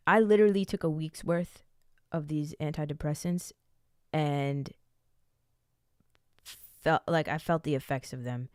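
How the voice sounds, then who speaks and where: A woman's voice: low-pitched, moderate pace, a little mellow, no room sound, clean studio sound. A woman in her late twenties telling a personal story in a frank, rambling way, swearing freely. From United States. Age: late 20s. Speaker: vlogger. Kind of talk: candid casual storytelling.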